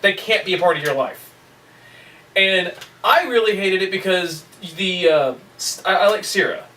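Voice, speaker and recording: A man co-hosting a casual group chat at a table, telling stories in a lively, crude-joking way. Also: high voice, normal speed. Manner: animated, lively storytelling with crude jokes. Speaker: co-host. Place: room at a table. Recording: distant mic, faint background noise.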